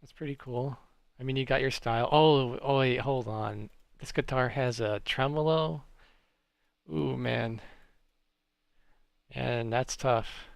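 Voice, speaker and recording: Man, live-stream host, casual chatty talk, dry close sound, even middle pitch. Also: takes it slowly, vocal fry, pauses often, dry recording. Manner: relaxed, chatty, reacts to chat.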